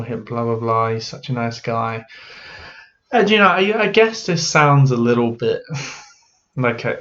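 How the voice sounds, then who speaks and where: Male vlogger, candid and unpolished, average pitch, muffled lo-fi audio. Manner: frank, halting, with many "you know" and "um" fillers. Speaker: mental health vlogger. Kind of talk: candid personal talk to camera. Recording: dull lo-fi audio.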